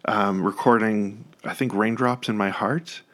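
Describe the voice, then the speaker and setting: A man hosting a casual interview, friendly and relaxed, asking questions about music. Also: lowish voice, a little slow. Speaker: interviewer, podcast host.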